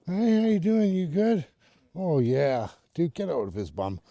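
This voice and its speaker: Middle-aged canadian guy vlogging on a walk, gravelly voice, dry close sound, laughs a lot. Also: fairly high pitch, very animated, measured pace, dark tone, no echo. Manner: chatty, laughs often, greets neighbors and dogs. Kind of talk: casual walking vlog monologue. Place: outdoors on a snowy neighborhood street.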